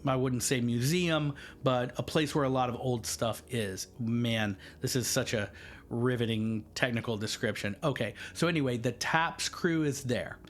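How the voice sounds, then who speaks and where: A male podcast host at an ordinary mid pitch talks on his own in a loose, rambling way. He drifts between points and drops self-mocking asides, keeping it casual and chatty. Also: moderate pace, slight background noise. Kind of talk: casual solo podcast monologue.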